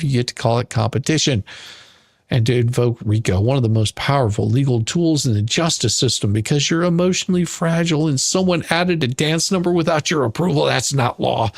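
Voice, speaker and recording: A man's voice: medium pitch, gravelly, dry recording, clean studio sound. Sarcastic man in a mock-outraged rant. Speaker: commentary channel host. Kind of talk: comedic mock-legal rant.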